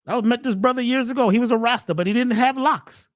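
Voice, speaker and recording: A man hosting a spiritual health webcast, preaching in a steady run of rhetorical questions. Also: very high voice, fast talker, no echo, clean studio sound. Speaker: natural health webcast host. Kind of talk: spiritual motivational talk.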